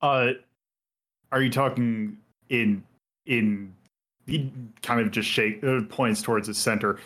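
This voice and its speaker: A man's voice: mid-range voice, steady tone, takes it slowly, fairly bright tone. A man acting as game master of a tabletop role-play game. He explains things hesitantly, with lots of fillers and restarts. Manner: hesitant, full of fillers, explains rules at length.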